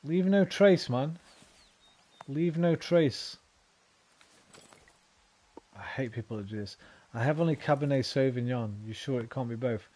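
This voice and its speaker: Playing a video game and answering it aloud, a young streamer delivers swear-heavy, casual let's-play commentary. He speaks fairly quickly at medium pitch, expressively and with a darkish tone.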